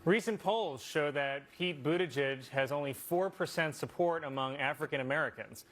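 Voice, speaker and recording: A man as a comedy news anchor, delivering satirical headlines with crisp setups and punchlines. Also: fairly high pitch, normal speed, a crowd in the background. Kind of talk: satirical news desk jokes. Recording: loud background noise.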